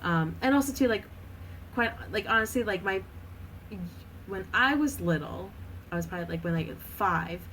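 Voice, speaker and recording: A woman in her thirties chats casually as a podcast guest, full of fillers and laughing often. Her medium-pitched voice is animated and a bit bright at a moderate pace. The audio is poor, with a little hiss or hum.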